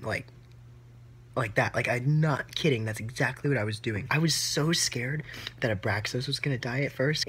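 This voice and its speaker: A woman's voice: rumbling low, slight background noise. Gushing, teary woman book vlogger. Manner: emotional, gushing, many "like" fillers. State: close to tears. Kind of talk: live reading reactions.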